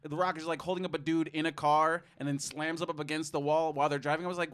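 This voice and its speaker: A man's voice: a little high, level tone, quick pace, fairly bright tone, clean tone. A man co-hosting a podcast, giving a casual, sarcastic movie review with plenty of swearing and laughter. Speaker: podcast co-host.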